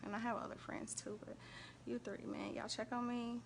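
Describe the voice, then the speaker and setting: A woman hosting a casual faith and relationship live stream, chatting animatedly and shouting out viewers by name. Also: a little high, level tone, normal speed, gravelly, background noise.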